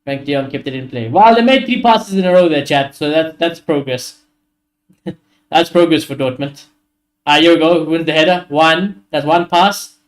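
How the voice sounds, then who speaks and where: A fired-up man streaming a live football watchalong, his voice sitting a little higher than most men's. He calls the play as it happens, curses freely and vents his frustration to his chat. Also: normal speed. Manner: excitable, frustrated, swears often, talks to chat.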